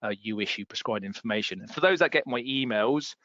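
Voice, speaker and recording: A man's voice: mid-range voice, fairly quick, bright, forceful tone, no echo. A man presenting a webinar on landlord rules, explaining patiently and repeating key points for emphasis. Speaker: property law trainer. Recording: dull lo-fi dry sound.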